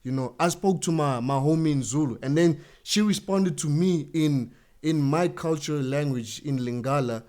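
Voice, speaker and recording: Earnest Congolese guest, halting speech. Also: male voice, a little high, a little mellow. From Congolese community in South Africa. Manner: earnest, halting restarts, slangy. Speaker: podcast guest. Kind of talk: casual podcast chat.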